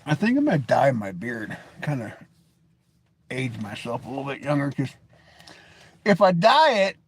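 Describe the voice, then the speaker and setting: A seated US vlogger in his forties rambles jokingly and bluntly into a webcam or phone camera. His mid-range voice swings hugely in pitch at a moderate pace, with a little hiss or hum in the recording.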